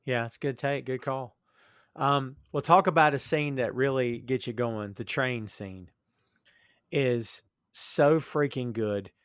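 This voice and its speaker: A man's voice: medium pitch, slow pace, fairly bright tone, dry recording, clean studio sound. A man cohosting a casual podcast, agreeable and chatty, often saying "man" and "dude".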